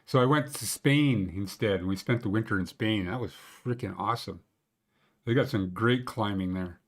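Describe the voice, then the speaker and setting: A man's voice: lowish voice, normal speed. Rambling, joking man hosting a live stream. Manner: rambling, joking, chatty with lots of fillers. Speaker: host of a live local conditions stream. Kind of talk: casual live-stream chat with viewers. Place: Banff area.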